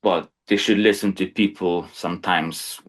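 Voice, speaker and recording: A man's voice: low-pitched, steady tone, normal speed. A man who is a crane supervisor, talking in casual podcast chat, plain-spoken and peppered with "you know".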